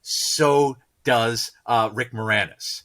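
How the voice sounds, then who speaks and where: A man's voice: mid-range voice, fairly even intonation, takes it slowly, bright, forceful tone. A man co-hosting a podcast, chatting enthusiastically in long run-on stretches. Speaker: podcast co-host. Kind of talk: casual podcast chat.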